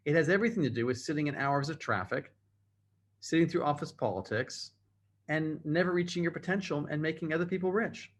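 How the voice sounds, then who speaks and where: A man's voice: fairly high pitch, fairly quick. A man giving a motivational training talk over a video call, emphatic and repeating phrases for effect. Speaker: motivational speaker.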